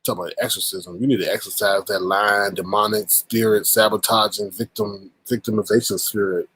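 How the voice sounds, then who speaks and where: A man's voice: fairly low pitch, little pitch movement, brisk, fairly bright tone, breathy edge. A man hosting a casual commentary show who narrates over clips and drives each point home by repeating it. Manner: emphatic, repeats his points. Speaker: commentary host.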